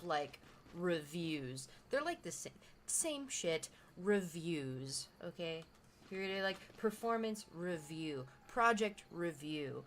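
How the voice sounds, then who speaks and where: Chatty low-voiced woman streamer. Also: fairly bright tone, slight background noise. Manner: chatty, rambling, reacts to chat. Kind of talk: casual live-stream chat with viewers. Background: music playing in the background.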